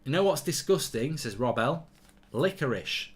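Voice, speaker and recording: A man's voice: on the high side, lively intonation, normal speed. A man hosting a live football watchalong, chatting bluntly and reading out viewer comments. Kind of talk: casual live-stream chat and commentary.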